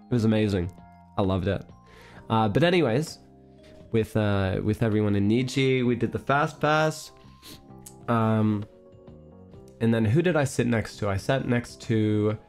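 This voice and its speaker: Man, young adult, slightly hoarse, chatty and animated storytelling, faint background music. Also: mid-range voice. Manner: rambling, animated storytelling with laughs. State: hoarse, recovering voice. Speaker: streamer. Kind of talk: casual chat.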